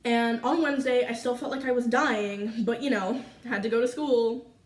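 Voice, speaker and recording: A teenage girl from Canada telling a school story to her viewers in a chatty, animated way full of fillers. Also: fairly high pitch, normal speed, reverberant, far from the mic. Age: teens. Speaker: vlogger. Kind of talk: casual storytime chat.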